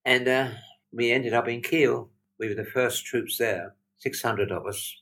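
A man's voice: mid-range voice, fairly even intonation, a little slow, a bit bright, rough recording. An older British war veteran, a man telling plain-spoken anecdotes and acting out the dialogue he quotes. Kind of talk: anecdotal storytelling.

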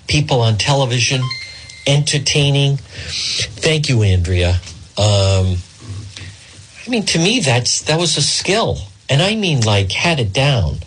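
A man's voice: mid-range voice, a bit bright, slightly rough, low-quality recording. A middle-aged man from Rhode Island hosting a talk radio show, telling a rambling, digressive story in a monologue.

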